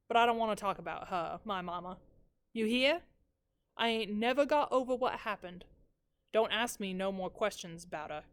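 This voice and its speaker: A woman voicing a stern, guarded older grandmother who scolds in a slow drawl. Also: a little high, smooth, dry recording, lightly acted.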